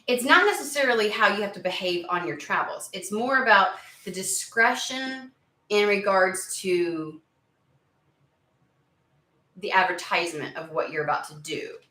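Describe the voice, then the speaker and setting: A woman giving a casual tarot reading to her viewers, chatty and excitable, swearing freely and talking through plenty of fillers. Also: mid-range voice, reverberant, poor audio. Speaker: tarot reader.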